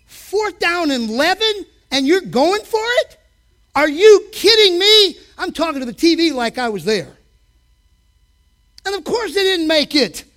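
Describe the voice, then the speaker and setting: A man preaching a sermon in a church, swinging between quiet, joking asides and loud, shouted peaks. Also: very high voice. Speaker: preacher and coach.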